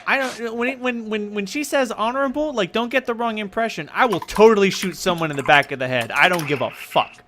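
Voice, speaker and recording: A man's voice: high voice, fairly quick, hardly any pauses, bright, forceful tone, a little hiss or hum. A man voicing a blunt, bloodthirsty female gun who rambles and talks gleefully about violence.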